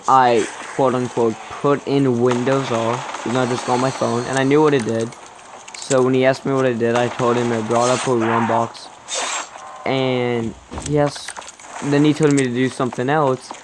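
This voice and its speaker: A man's voice: mid-range voice, noisy background. A young man casually telling a rambling story to his viewers, often correcting himself mid-sentence. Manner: rambling, self-correcting, chatty. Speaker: vlogger.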